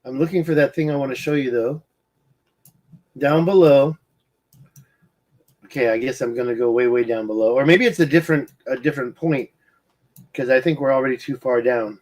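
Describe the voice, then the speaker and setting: A man's voice: medium pitch, quick pace. A man rambling through a screen-share of satellite maps, muttering, restarting his sentences and getting sidetracked by hiccups. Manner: distracted, muttering, self-correcting. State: hiccuping, eye twitching. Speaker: independent researcher presenting maps.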